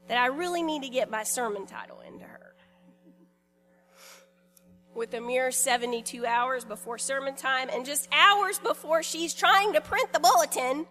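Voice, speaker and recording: Bright high-voiced woman pastor preaching. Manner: conversational, lightly humorous, unhurried with deliberate pauses. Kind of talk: sermon.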